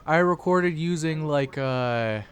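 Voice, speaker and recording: A man's voice: a little high, slow pace, a little hiss or hum. A young man, a podcast co-host, chatting casually on a call, often stumbling over and restarting his words. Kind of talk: casual group chat. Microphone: own home mic on an online call.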